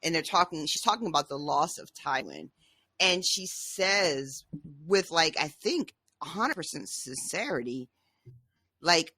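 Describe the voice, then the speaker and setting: A woman's voice: deep voice, expressive, a little slow, bright, forceful tone, husky, dry recording, studio quality. A woman co-hosting a podcast, chatting casually about a book, laughing often and swearing freely. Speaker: podcast co-host.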